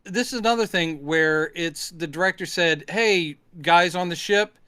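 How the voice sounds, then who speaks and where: A man co-hosting a casual podcast chat, retelling movie scenes with animated, jokey delivery. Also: on the high side, unhurried, clear, resonant tone, no room sound. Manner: animated, acts out scenes in silly voices. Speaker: podcast co-host.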